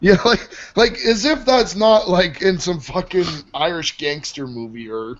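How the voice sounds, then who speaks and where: A man co-hosting a casual talk show, chatty and quick to laugh. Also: high voice. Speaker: co-host. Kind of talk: casual chat. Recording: dull lo-fi sound.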